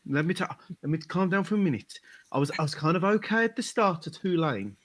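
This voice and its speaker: A man voicing a genial, old-fashioned gentleman who stammers and barks like a showman while hyping up his partner in a tabletop role-play. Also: a little high, expressive, fairly quick, lightly acted. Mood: winded. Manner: stammering, theatrical barker. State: out of breath.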